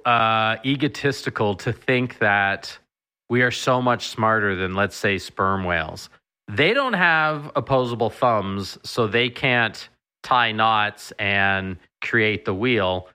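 A man's voice: medium pitch, sharp tone, clean tone. A man who is a veterinarian, talking casually as a radio guest, earnest and hesitant with repeated words.

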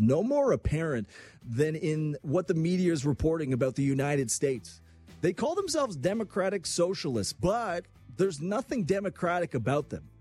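A man's voice: mid-range voice, a little mellow, husky, no room sound. A middle-aged man hosting a talk radio show, telling a personal story and giving emphatic, opinionated commentary.

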